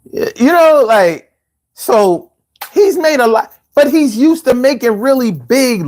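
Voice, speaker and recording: A man's voice: very high voice, darkish tone. A man hosting a livestream podcast, chatting casually and reading viewer comments with loose, profane banter.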